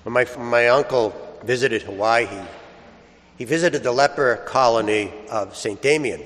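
A man with a lowish voice preaches at Mass, first reading scripture and then telling homely stories unhurriedly. His words ring out with a long church reverb behind them. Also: fairly bright tone. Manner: unhurried, storytelling with homely anecdotes. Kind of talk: gospel reading then homily.

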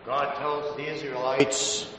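A man's voice: medium pitch, level tone, takes it slowly, bright, forceful tone, slight background noise. A man, a Catholic priest or deacon, giving a homily with folksy personal stories mixed with scripture. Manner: folksy storyteller, mixes personal anecdotes with scripture. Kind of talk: gospel reading and homily. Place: large church. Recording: echoey church with long reverb.

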